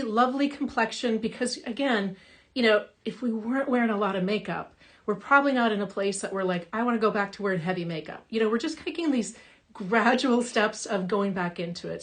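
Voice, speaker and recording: A woman makeup artist leads a casual live session from her home. Her voice sits a little high, and she talks in a chatty, upbeat way with plenty of fillers. She reads viewer comments aloud as she goes. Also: fairly bright tone. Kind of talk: casual live-stream talk. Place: home in Minnesota.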